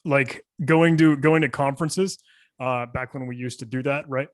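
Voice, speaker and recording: A man speaking as an interview guest, modest and self-deprecating and quick to laugh. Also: mid-range voice, steady tone, no room sound, clean studio sound. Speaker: guest cybersecurity expert. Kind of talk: casual conversational interview.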